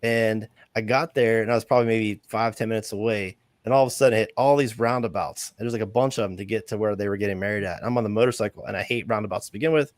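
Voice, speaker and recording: Fast-talking laughing stream host. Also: male voice, fairly low pitch, no echo. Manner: animated, laughing, quick. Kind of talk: casual chat on a live stream.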